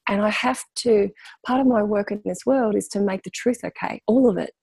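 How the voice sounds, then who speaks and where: A woman's voice: mid-range voice, normal speed, gravelly, darkish tone, slightly rough, dry recording. A woman, a spiritual coach, talking passionately in a candid interview and repeating phrases for emphasis.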